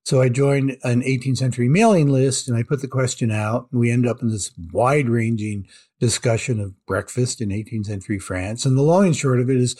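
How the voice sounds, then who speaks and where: Relaxed male author telling his story. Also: mid-range voice, brisk. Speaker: guest author. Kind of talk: interview conversation.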